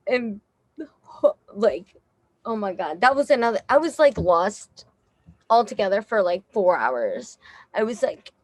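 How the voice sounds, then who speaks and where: Slow-talking, laughing young woman storyteller. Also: medium pitch, lively intonation, no room sound. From Texas. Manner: rambling, filler-heavy, swears, laughs often. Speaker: guest musician. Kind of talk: casual storytelling.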